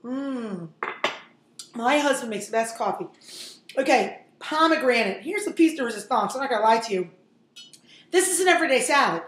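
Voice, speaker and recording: Cooking host, woman, 40s, high and chatty with wisecracks, roomy echoey kitchen. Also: expressive, fairly quick, a bit bright, slight background noise. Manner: chatty, jokey, talks straight to viewers. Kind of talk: casual cooking demonstration.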